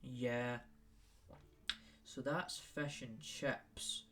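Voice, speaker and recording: A young man with a Scottish accent hosts his own podcast, wandering off on tangents and circling back to repeat himself. He speaks slowly and unhurriedly at a middling pitch. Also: steady tone, a bit bright. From Scotland. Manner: rambling, tangent-prone, repetitive. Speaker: podcast host. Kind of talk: rambling solo podcast.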